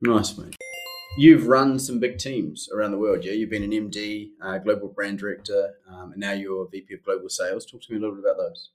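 A man's voice: lowish voice, steady tone, brisk, darkish tone, faint music behind. A man hosting a podcast, reading an upbeat scripted intro and then interviewing a guest in a chummy, teasing way. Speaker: podcast host.

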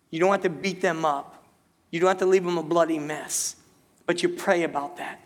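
Preaching at a moderate pace with fairly even intonation, a male pastor whose voice sits high for a man addresses the congregation with rhetorical questions. He restarts phrases as he goes, and a long hall reverb lingers after every line in the sanctuary.

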